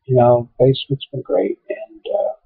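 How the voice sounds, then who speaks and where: A man's voice: medium pitch, wildly swooping pitch, moderate pace, creaky, husky, dry recording. A man rambling through a casual webcam monologue at home, full of fillers and asides. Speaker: vlogger. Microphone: webcam mic. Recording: tinny, phone-like dry webcam audio.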